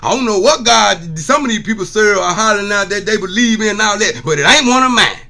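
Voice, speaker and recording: A man's voice: sits high, lively intonation, fast talker, creaky, bright, forceful tone. A man giving an emotional, preachy testimony monologue to his viewers, repeating "see what I'm saying.". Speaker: vlogger.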